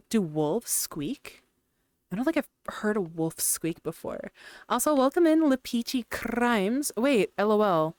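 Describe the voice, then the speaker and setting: Giggly young woman streamer, lively voice. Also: medium pitch, no room sound. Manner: chatty, giggly, greets chat by name. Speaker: VRChat streamer. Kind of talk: casual stream chat.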